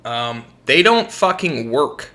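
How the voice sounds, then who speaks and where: A man's voice: mid-range voice, sing-song, takes it slowly, bright, forceful tone. A young American man co-hosting a podcast, telling profane work stories in casual chat and laughing often. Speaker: podcast co-host.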